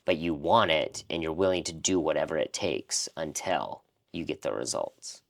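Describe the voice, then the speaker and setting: A man with a very low, deep voice shares a personal story in casual conversation. He is earnest and reflective. He often slips into the voices of people he remembers talking to. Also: lively intonation, normal speed, creaky. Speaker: life coach and podcast co-host.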